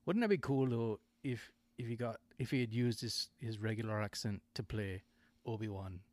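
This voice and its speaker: Rambling low-voiced male podcast host. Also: moderate pace, darkish tone, dry recording. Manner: rambling, digressive, corrects himself mid-sentence. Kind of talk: casual chat.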